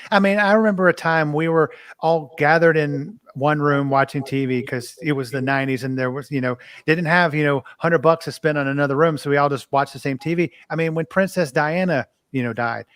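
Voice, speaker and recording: A man's voice: fairly high pitch, fairly even intonation, a little fast, hardly any pauses, a bit bright, clear, resonant tone, no echo. A man in a casual chat who rambles with many fillers.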